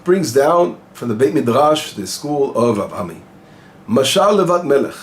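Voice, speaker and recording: A man's voice: mid-range voice, very animated, normal speed, a little hiss or hum. A male rabbi giving an informal Torah lesson, explaining Hebrew phrases and translating them as he goes, asking questions and answering them himself. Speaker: rabbi teaching the weekly Torah portion.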